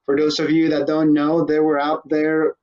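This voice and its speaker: A man's voice: a little high, monotone, moderate pace, darkish tone, lo-fi sound. A man hosting a casual interview show, joking irreverently and swearing offhandedly. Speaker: host.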